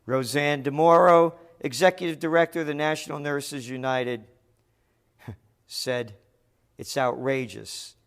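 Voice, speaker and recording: Slow, emphatic sarcastic man. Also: on the high side, gravelly, smooth. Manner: sarcastic, emphatic, deliberate delivery. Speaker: news commentary host. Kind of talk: opinionated news commentary.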